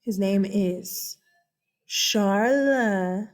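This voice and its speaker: An American woman giving a casual, animated history lesson, chatty and full of asides and check-ins. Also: medium pitch, very slow. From United States. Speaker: history teacher. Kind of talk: casual classroom-style lecture.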